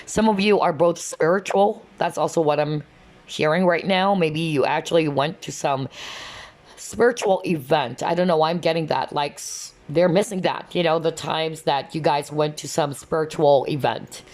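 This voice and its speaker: A woman's voice: low-pitched, normal speed, a little mellow. A woman giving a casual, chatty tarot reading, often checking in with "okay?" and "you know". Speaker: tarot reader.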